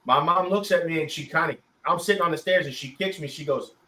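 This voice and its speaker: A young man on a podcast, telling a story with animated, acted-out quotes and talking over his co-host. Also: fairly high pitch, quick pace, roomy sound, recorded from a distance, rough recording. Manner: animated, talks over others, acts out quotes.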